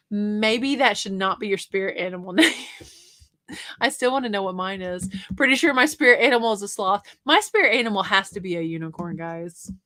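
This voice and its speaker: A chatty young woman hosts a casual livestream about reselling. She reads viewers' comments out and answers them in a relaxed, conversational way, with a voice of ordinary pitch for a woman.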